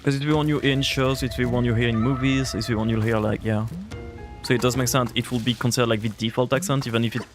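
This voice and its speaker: A man's voice: mid-range voice, fairly even intonation, quick pace, music in the background. A man streaming a game live, chatting casually and answering his viewers' chat, rambling with lots of filler words. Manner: rambling, heavy use of "like" fillers; reacts to and answers chat aloud.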